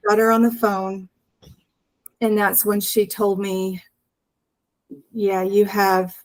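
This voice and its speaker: A woman's voice: mid-range voice, level tone, takes it slowly, poor audio. A woman telling an earnest personal story as an interview guest, acting out the dialogue as she goes.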